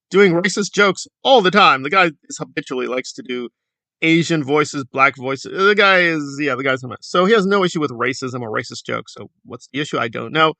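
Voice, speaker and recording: A man's voice: fairly high pitch, pushed and bright, dry recording. A man giving a sarcastic, critical commentary in a casual vlog. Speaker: YouTube commentator.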